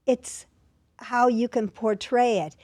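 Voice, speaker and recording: A woman's voice: a little high, fairly even intonation, slow pace, darkish tone, dry recording. An older woman, a talent agent guest, reminiscing in a rambling way with fillers and restarts. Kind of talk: casual interview.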